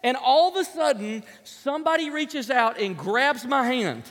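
High-voiced man preaching in a reverberant hall. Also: unhurried. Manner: animated storyteller, acts out sounds and voices. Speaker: pastor. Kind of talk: sermon with personal story.

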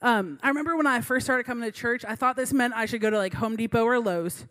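A woman's voice: a little high, fast talker, fairly bright tone. A woman in her late twenties, a youth pastor, giving a sermon in a chatty storytelling way with many fillers.

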